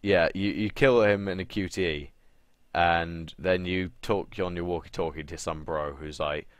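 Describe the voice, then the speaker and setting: A man's voice: deep voice, steady tone, moderate pace, smooth, dry recording. A young man co-hosting a casual gaming podcast, sarcastic, swearing often and acting out quotes. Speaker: podcast co-host. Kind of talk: casual chat.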